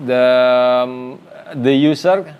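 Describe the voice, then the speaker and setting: A man teaching graphic design in a lesson, speaking non-native English with an Indonesian first language, pausing often with fillers and restarts. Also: mid-range voice, steady tone, highs cut off, slight background noise.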